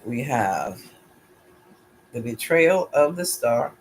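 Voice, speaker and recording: A man's voice: mid-range voice, animated, slow pace, slight background noise. Man musing through a tarot reading. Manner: musing, thinks aloud, questions his pendulum. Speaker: tarot reader. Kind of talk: casual solo tarot reading.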